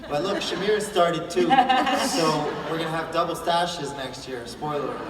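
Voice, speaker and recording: A man's voice: fairly high pitch, normal speed. A man on a convention panel, joking and teasing his castmates. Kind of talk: casual panel chat. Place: large convention hall. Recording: echoey hall from far off, loud noise.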